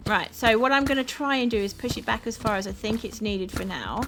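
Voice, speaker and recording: A woman from South London with a South London accent, chatting casually with her viewers while playing a game, upbeat and quick to laugh. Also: fairly high pitch, a bit bright. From South London, England. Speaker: streamer. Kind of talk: casual chat with live chat while gaming. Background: background music.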